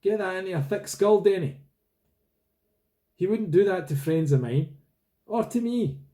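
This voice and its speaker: A man's voice: sits high, unhurried, dark tone, voice pushed up. A man voicing an angry, defiant teenage schoolboy who makes threats. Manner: heated, threatening.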